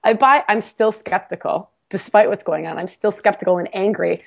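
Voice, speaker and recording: Speaking at a moderate pace in a gravelly, medium-pitched voice, a woman guest relates a personal story during a laid-back podcast interview. Her storytelling is lively and self-mocking, full of laughs, and she repeats words as she restarts sentences.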